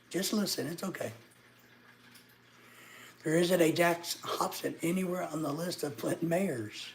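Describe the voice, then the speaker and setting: A man's voice: fairly high pitch, animated, measured pace, gravelly, slight background noise. A middle-aged man from Arkansas, chatting casually with viewers on a livestream and teasing them sarcastically. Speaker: livestreamer answering chat.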